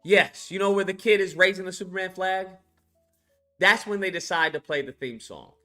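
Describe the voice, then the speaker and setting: A man's voice: sits high, moderate pace, bright, forceful tone, soft background music. A man casually recapping a movie in a rambling, crude rant full of fillers. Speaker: movie reviewer. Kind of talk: casual ranting film recap.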